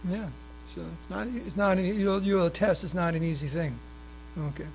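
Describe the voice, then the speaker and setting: A man's voice: high-pitched, normal speed, slight background noise, rough recording. A man giving a scripture class, reading passages aloud and adding asides and questions for the audience, often restarting his sentences. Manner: frequent restarts and fillers. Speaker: class speaker at a temple. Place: temple hall.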